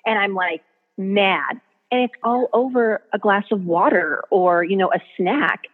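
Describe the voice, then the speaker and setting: A woman's voice: medium pitch, measured pace. A woman, a mother and blogger, telling parenting stories in an earnest, chatty way. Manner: earnest, storytelling, acts out her kids' voices. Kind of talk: casual interview chat. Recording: tinny phone-line sound.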